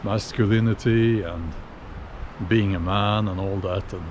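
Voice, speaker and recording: A man giving a casual opinion monologue while walking outdoors, unhurried and musing, with many fillers and restarts. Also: lowish voice, fairly even intonation, darkish tone, muffled recording, slight background noise. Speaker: video blogger.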